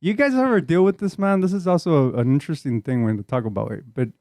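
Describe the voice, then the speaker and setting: A man with a Chicano English accent who tells a story on a podcast in a loose, profane, unhurried way, mixing Spanish slang into his English. His voice sits a little high for a man, and the sound is close and dry. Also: dark tone, dry recording. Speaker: podcast host. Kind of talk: casual storytelling chat.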